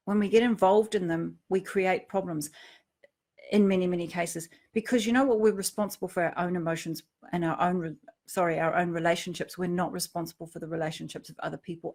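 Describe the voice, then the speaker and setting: A middle-aged woman giving a reflective personal talk, earnest, dropping to a hush and then rising to emphasis. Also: lowish voice. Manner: earnest, swings from hushed to emphatic. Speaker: speaker on emotional triggers.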